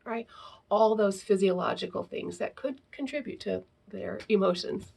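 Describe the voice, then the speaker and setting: A woman's voice: mid-range voice, moderate pace, gravelly, darkish tone, a little hiss or hum. A woman teaching parents in a casual talk, often ending sentences with the question "right?". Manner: acts out example phrases to children.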